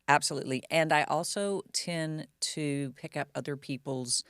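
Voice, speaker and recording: A woman co-hosting a casual podcast, playful and gushing, with a gravelly edge to her voice. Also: deep voice, moderate pace, a bit bright, dry recording, studio quality. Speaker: podcast co-host.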